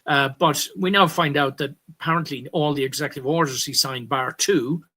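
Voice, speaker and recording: A man's voice: a little high, moderate pace, pushed and bright. An Irish man hosting a political commentary, talking in a rambling way, often correcting himself and pushing hard on key words. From Ireland. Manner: rambling, stops to correct himself, emphatic bursts. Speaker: commentary host.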